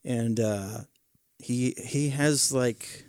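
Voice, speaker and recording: A man chatting casually in a hesitant, halting way. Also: mid-range voice, a little mellow, no echo, studio quality. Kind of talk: casual chat.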